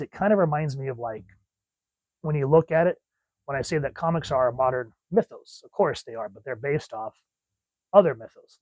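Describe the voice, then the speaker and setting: A man's voice: mid-range voice, darkish tone, no echo, rough recording. A man reviewing comic books in a casual, rambling and enthusiastic way. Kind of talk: casual chat.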